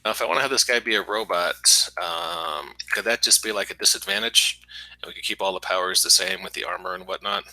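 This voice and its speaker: A man playing in a tabletop game, chatting casually and thinking aloud with hesitant pauses. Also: fairly low pitch, lively intonation, vocal fry, pushed and bright, rough recording. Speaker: player. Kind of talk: casual tabletop podcast chat.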